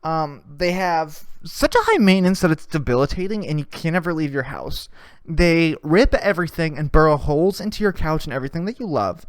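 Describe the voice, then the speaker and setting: A man's voice: on the high side, lively intonation, brisk, clean tone, no room sound. A young man hosting a podcast, ranting in a crude, profane and sarcastic way with mocking asides. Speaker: podcast host. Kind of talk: crude comedic rant.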